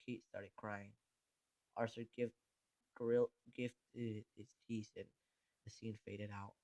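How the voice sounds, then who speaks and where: A man narrating a creepypasta, reading haltingly with frequent stumbles and restarts. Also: fairly low pitch, darkish tone, no echo.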